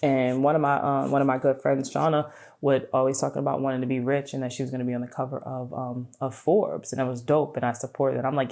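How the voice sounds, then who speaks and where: A woman hosting a podcast, giving an animated, casual motivational talk, swearing freely and checking in with "right?". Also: a bass voice, fast, vocal fry. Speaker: podcast host.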